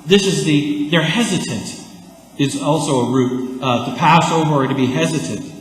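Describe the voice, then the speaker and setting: A man from Canada preaching a sermon as pastor, conversational and animated, with lively asides. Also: a little high, normal speed. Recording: echoey church hall.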